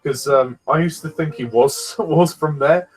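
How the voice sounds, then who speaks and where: A man's voice: a little high, unhurried, breathy edge, low-quality recording. A man chatting casually through a fan film commentary, easygoing and rambling, often laughing between remarks. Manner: easygoing, rambling, many fillers.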